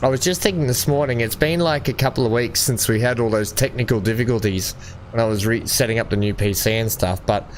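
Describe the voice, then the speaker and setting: Casting: young male streamer, mid pitch, easygoing chat with chat, laughs a lot. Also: quick pace, a little hiss or hum. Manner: chatty, laughs often while reading chat. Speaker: gaming livestream host. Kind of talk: casual chat with live viewers.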